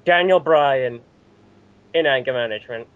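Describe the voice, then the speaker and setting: A British man hosting a casual wrestling recap chat, animated and often laughing as he acts out quotes. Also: mid-range voice, moderate pace. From Britain. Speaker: show host. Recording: dull lo-fi audio.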